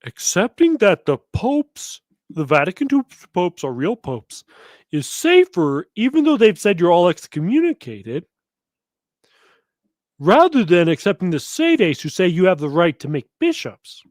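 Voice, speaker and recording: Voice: mid-range voice, huge pitch swings, a little slow, a little mellow, no echo, studio quality. A commentary host reacting to a clip with mocking, laughing sarcasm.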